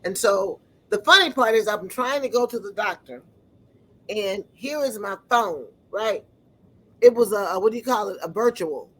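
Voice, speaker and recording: A woman giving an earnest personal testimony, often pausing to search for words. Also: mid-range voice, lively intonation, a bit bright, husky, rough recording.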